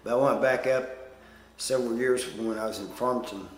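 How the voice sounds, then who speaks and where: A man's voice: mid-range voice, steady tone, brisk, echoey room, big-room sound, slight background noise. A man telling stories in a casual, rambling way, plain-spoken and self-deprecating, with lots of "you know" fillers. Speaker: storyteller. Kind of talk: casual storytelling.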